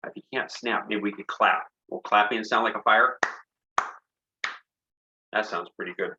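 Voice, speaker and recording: A man's voice: fairly low pitch, fairly even intonation, normal speed, noisy background. A man, a children's poet and songwriter, reading his poems aloud for families in a playful, encouraging way and inviting the listeners to join in with sound effects. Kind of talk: interactive poetry reading for children. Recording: slightly dull, lo-fi online concert recording.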